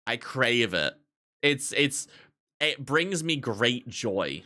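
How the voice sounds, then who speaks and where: Casting: male streamer, bright, forward tone, profane chatty barista storyteller. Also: medium pitch, very animated, slow pace. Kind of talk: casual livestream chat.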